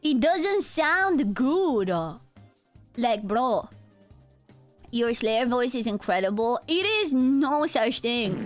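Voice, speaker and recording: A young woman in her twenties with a fairly high, nasal voice, chatting loosely with her stream audience. She talks straight to her chat, sliding between a tired, laid-back tone and bursts of energy. Faint music plays under her speech. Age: 20s. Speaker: VTuber streamer. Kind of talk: casual live-stream chat.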